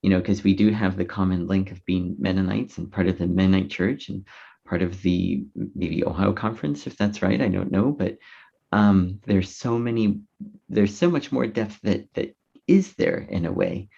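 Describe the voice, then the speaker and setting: A man co-hosting a podcast, speaking haltingly with frequent fillers, on a dull lo-fi recording. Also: low voice, creaky, mellow, slightly rough. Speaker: podcast co-host. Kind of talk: casual interview talk. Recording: dull lo-fi sound.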